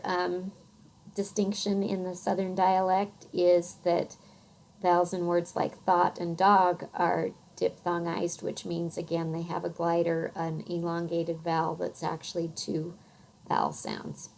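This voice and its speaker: A middle-aged woman with a Western American accent, giving a recorded phonics lecture in an unhurried, thoughtful way with many soft fillers. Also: fairly low pitch, completely flat delivery, creaky, rough recording. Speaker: teacher.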